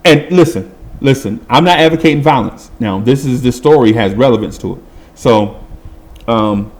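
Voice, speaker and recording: Animated man telling a street story. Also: mid-range voice, moderate pace. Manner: animated, voices other people and makes sound effects. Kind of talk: casual storytelling.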